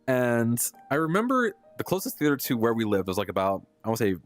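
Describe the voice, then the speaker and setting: A man's voice: medium pitch, big pitch swings, quick pace, faint music behind. A young adult man, a live streamer, telling a story casually and with animation, laughing often and using lots of fillers.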